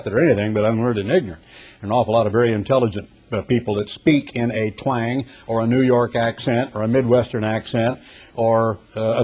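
A man preaching a sermon, reading scripture slowly and emphatically, then explaining it in a conversational way. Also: mid-range voice, darkish tone, slightly rough.

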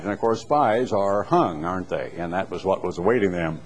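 A man teaching through a Bible passage, reading verses aloud with rising emphasis and then explaining them in relaxed asides. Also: deep voice, moderate pace, hardly any pauses.

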